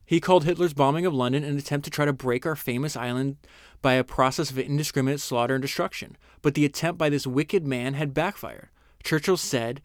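A man hosting a podcast, reading passages from a book aloud and breaking off to comment earnestly and enthusiastically, slowing down for the key lines. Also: medium pitch, no room sound, studio quality. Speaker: podcast host.

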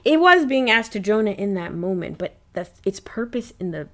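A woman co-hosting a casual Bible discussion podcast, retelling the story earnestly with lively asides. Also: mid-range voice, moderate pace. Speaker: podcast co-host.

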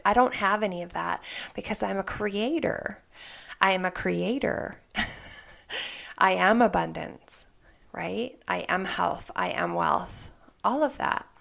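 A woman telling a personal spiritual story in an earnest, soft way, often dropping into a whisper. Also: fairly low pitch, gravelly. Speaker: spiritual vlogger.

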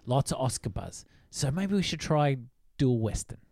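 A man's voice: mid-range voice, sing-song, moderate pace, vocal fry, a little mellow, dry recording. Male podcast host, casual film talk, hesitant musing delivery, dry mic.

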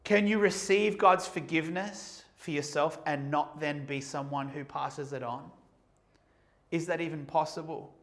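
A man preaching a sermon, moving between quiet reflective questions and loud, emphatic passages. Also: a little high, fairly even intonation, unhurried.

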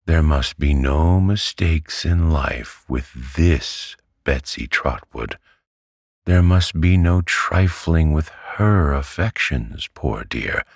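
Man voicing a stern elderly aunt, bossy, abrupt, husky, gravelly, storybook. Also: extremely low pitch, expressive, takes it slowly, no room sound, clean studio sound, voice pushed up, heavily acted. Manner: curt, commanding, impatient.

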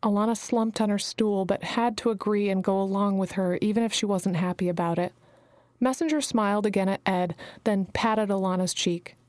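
A woman reading a novel aloud in measured, even storytelling narration. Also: mid-range voice, no room sound, studio quality. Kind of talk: scripted audiobook narration.

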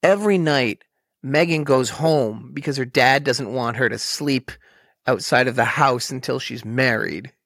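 Animated co-host, jokey and laughing, middle pitch, dry close-miked sound. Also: measured pace, dry recording. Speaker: podcast co-host. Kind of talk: casual chat recapping a show.

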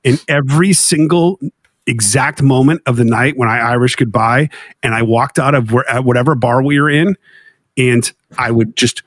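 A man's voice: mid-range voice, normal speed, no room sound. A man telling stories in casual podcast chat, acting out his friends' lines as he goes. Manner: animated anecdote teller, acts out friends' lines. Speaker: podcast co-host. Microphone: home studio mic, remote recording.

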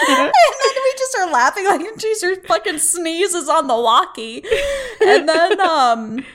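Giggly high-voiced woman podcast host. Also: very animated, a little slow, heavy background noise. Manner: giggly, cry-laughing storyteller. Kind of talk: casual chat.

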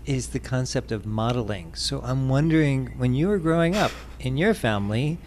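Gentle, affectionate man hosting an interview. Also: medium pitch, lively intonation, moderate pace, a little hiss or hum. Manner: gentle, affectionate, calls the guest dear and honey. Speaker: host. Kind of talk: conversational interview.

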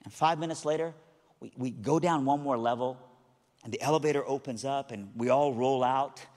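A man's voice: medium pitch, normal speed, darkish tone. A man preaching, telling a story with animation and frequent stammered restarts. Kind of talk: sermon storytelling. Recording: long hall reverb.

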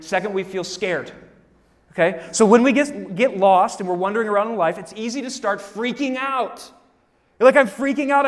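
Guy preaching in church, high-ish voice, big echoey hall, animated and quick on the side comments. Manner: animated, acts out congregants' voices, speeds up on asides. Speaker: pastor. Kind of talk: live sermon. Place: church sanctuary.

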